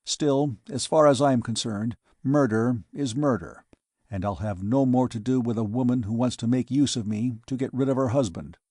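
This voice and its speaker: Storybook hero: earnest, grave traveller, read by a male narrator, warm timbre. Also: medium pitch, moderate pace, dry recording, studio quality, natural voice. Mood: firm. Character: earnest, principled male traveller on an alien world.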